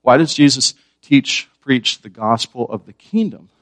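A man's voice: mid-range voice, expressive, unhurried, no echo. A man preaching a sermon, asking his listeners questions and repeating key words. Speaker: pastor.

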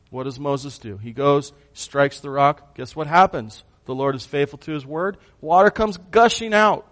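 A man preaching a sermon, who swings from hushed lines to loud bursts and puts questions to his congregation. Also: medium pitch, a little slow, few pauses. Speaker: pastor.

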